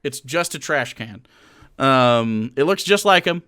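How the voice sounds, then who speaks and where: A man's voice: medium pitch, animated, unhurried, sharp tone, smooth, no echo, clean studio sound. A young man streaming casual political commentary, sarcastic and mocking, with frequent fillers and chuckles.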